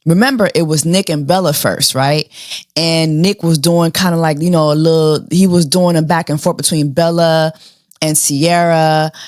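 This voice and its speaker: A woman's voice: low voice, steady tone, normal speed, a little mellow, no echo, clean studio sound. A woman hosting a casual reality TV recap, sassy and slangy, firing off rhetorical questions. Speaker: show host.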